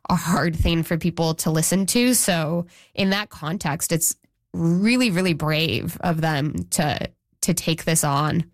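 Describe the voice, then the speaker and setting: A woman's voice: sits low, unhurried, dry recording, clean studio sound. A woman journalist being interviewed, talking casually with frequent restarts and quoted speech. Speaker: journalist guest. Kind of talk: interview conversation.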